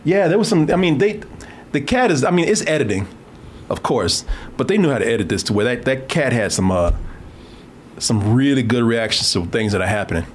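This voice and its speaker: A man's voice: medium pitch, lively intonation, brisk, a little hiss or hum. A man hosting a movie reaction show in casual chat, laughing often, swearing and restarting his sentences. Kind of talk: casual film commentary chat.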